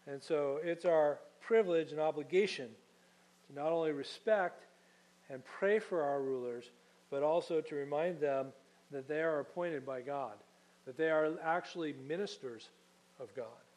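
A male pastor delivering a sermon to a live congregation. His voice sits a little high for a man, and he teaches conversationally, stopping to ask the people in front of him questions. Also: normal speed, darkish tone, poor audio.

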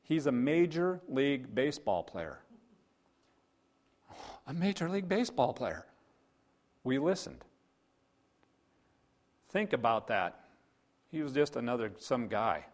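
A man's voice: medium pitch, big pitch swings, measured pace, long pauses. Pastor type, earnest sermon, plain mid-range male voice. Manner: earnest, storytelling with scripture.

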